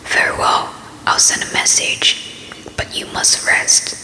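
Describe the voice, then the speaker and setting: A woman voicing a worried middle-aged noblewoman mother as whispered role-play, in a soft, fretful whisper. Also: slow pace, roomy sound. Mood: anxious.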